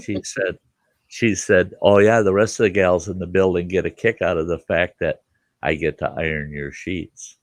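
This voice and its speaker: A man's voice: low voice, normal speed, no echo. An older man hosting a casual chat, telling a story with lots of laughter and cursing. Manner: animated, profane, laughs through his stories. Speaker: podcast host.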